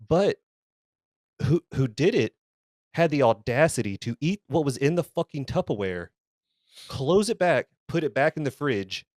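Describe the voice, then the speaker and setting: A man's voice: on the high side, lively intonation, unhurried, a little mellow, no echo, clean studio sound. A man co-hosting a podcast, telling a workplace story casually, swearing often and restarting and repeating his words as he gets worked up. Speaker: podcast co-host.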